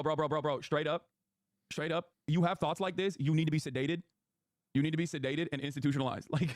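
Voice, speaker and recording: Male streamer, high voice, quick fire, animated and profane rants, dry close sound. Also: no room sound. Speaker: streamer host. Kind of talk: casual stream chat.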